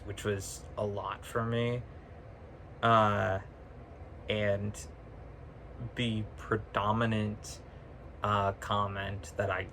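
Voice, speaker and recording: A man's voice: fairly low pitch, a bit bright, a little hiss or hum. A man talking casually to camera, ranting with sarcasm, swearing freely and laughing often mid-sentence, recorded on a phone. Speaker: vlogger. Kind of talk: casual chat.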